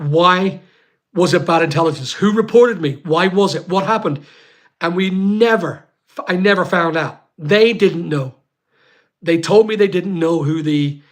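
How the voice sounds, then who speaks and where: A man telling his own story on a livestream, emphatic and repetitive, pausing often with fillers. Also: fairly high pitch. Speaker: YouTuber on a livestream. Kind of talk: emotional personal account.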